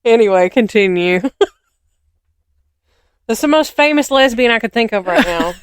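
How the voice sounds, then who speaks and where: A woman's voice: on the high side, expressive, smooth, dry recording, studio quality. A woman with a Southern American accent, co-hosting a podcast and chiming in with joking asides. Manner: joking asides, quick quips. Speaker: podcast co-host. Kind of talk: casual chat.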